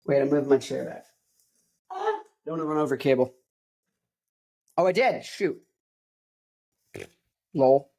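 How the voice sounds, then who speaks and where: A man's voice: on the high side, big pitch swings, measured pace, pauses often, mellow. A man in his twenties hosting a show, talking casually in a rambling, tangent-prone way. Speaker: host. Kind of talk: casual chat.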